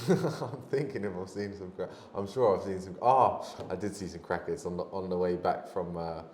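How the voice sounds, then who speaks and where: A man's voice: sits low, moderate pace, darkish tone. A man speaking as a podcast guest in loose, rambling casual chat, swearing and laughing often. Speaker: podcast guest, jiu-jitsu athlete. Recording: roomy echo, faint noise.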